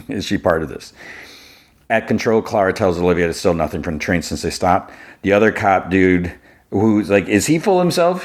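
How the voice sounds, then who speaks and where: Deep-voiced man recapping a show. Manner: thinks aloud while retelling scenes. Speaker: podcast host. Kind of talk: casual episode recap.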